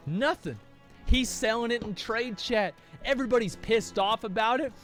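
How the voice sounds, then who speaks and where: A man telling a casual story in an animated, profane way, acting out his friends' quoted lines. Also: high voice, normal speed, faint music behind.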